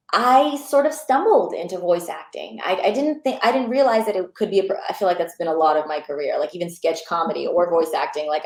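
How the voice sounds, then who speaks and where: A young adult woman, an actor, chatting as a guest in an interview, enthusiastic and animated with many fillers. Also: medium pitch, roomy sound. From Pakistani and Bangladeshi heritage. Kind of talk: casual interview chat.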